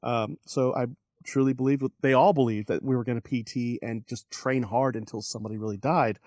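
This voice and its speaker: A man's voice: mid-range voice, a little fast, a little hiss or hum. A man in his forties, a podcast guest, telling a story in casual conversation and acting out the people he quotes. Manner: animated, acts out quoted voices, laughs while telling.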